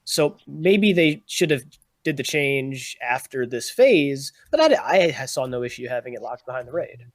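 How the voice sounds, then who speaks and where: A man speaking as a panelist on a casual gaming podcast, reasoning aloud in a measured way. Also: medium pitch, very animated, dry recording.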